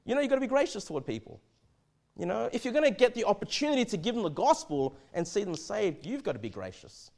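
A man preaching a verse-by-verse sermon, animated and often repeating and restarting his words. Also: sits high, fast, creaky. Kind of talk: expository sermon.

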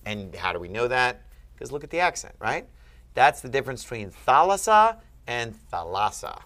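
Patient male tutor with a lively voice. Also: mid-range voice, brisk. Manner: patient, asks leading questions. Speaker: Greek tutor. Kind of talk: one-on-one grammar lesson.

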